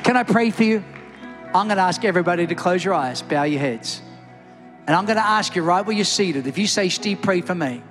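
A middle-aged man preaching in a church with a notably high voice, fervent and rising toward shouts. Soft music plays faintly underneath. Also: fairly quick, in a large hall, a crowd in the background. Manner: impassioned, builds to near-shouts. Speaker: pastor. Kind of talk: sermon with altar call. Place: church service, also streamed online.

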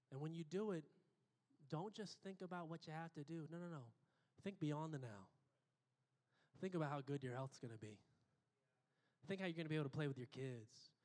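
A man preaching a sermon, emphatic, repeating phrases and building to excited peaks. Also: on the high side. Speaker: pastor. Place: church auditorium. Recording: long hall reverb.

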